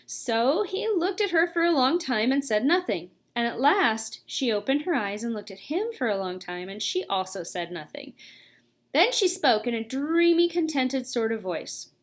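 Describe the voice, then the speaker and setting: A woman reading a children's story aloud, narrating and voicing the dialogue in a lively way. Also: moderate pace. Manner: lively, reads dialogue with raised pitch. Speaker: audiobook reader. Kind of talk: storybook narration with character voices.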